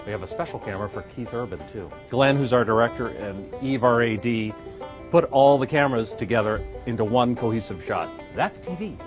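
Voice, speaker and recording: A man walks through a backstage area giving a playful, joking video blog tour. He points things out as he goes, in a casual manner. Guitar music plays clearly behind him. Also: mid-range voice, animated, brisk. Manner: playful, jokey, pointing things out while walking. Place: backstage at an awards show venue.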